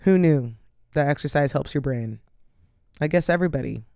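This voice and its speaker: A woman's voice: low-pitched, moderate pace, gravelly, warm tone, no room sound, clean studio sound. A tired, yawning young woman hosting a podcast, chatting casually and rambling with lots of "like" and "um". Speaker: podcast host. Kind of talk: casual solo chat.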